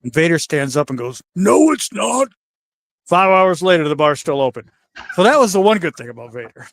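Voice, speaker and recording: An older man telling backstage stories in a casual, animated way, acting out the voices of the people in them. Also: fairly high pitch, fast, dry recording. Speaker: guest wrestler telling stories. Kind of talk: casual storytelling.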